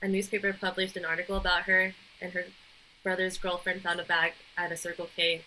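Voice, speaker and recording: A woman's voice: fairly low pitch, monotone, fairly quick, sharp tone, a little hiss or hum, poor audio. A woman co-hosting a podcast, chatting loosely and recounting a creepy story. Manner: chatty, giggly, loose with details. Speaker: podcast co-host. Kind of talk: casual chat, storytelling.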